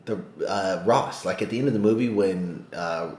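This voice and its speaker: A man casually discussing a movie, animated and profane, swinging between loud outbursts and low muttering. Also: normal speed, echoey room.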